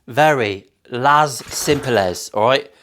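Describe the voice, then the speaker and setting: A man's voice: mid-range voice, slow pace, a bit bright, slight background noise. A man building a guitar in his workshop, talking casually to camera with cheeky banter, plenty of swearing and jokey asides. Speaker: luthier.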